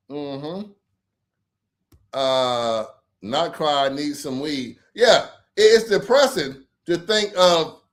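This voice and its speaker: A man hosting a late-night livestream, talking in a rambling, profane, animated way. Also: on the high side. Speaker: livestream host.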